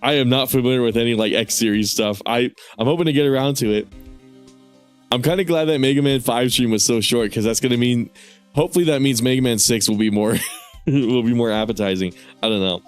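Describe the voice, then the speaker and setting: A man's voice: medium pitch, a little fast, faint music behind. A man streaming a game, rambling casually, swearing and laughing often. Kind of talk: casual gaming stream commentary.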